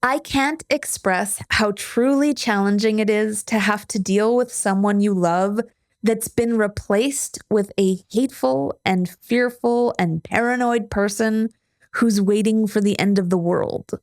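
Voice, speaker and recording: A woman's voice: mid-range voice, a little slow, a little mellow, dry recording, clean studio sound. A woman host giving earnest scripted narration between a guest's clips. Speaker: podcast host.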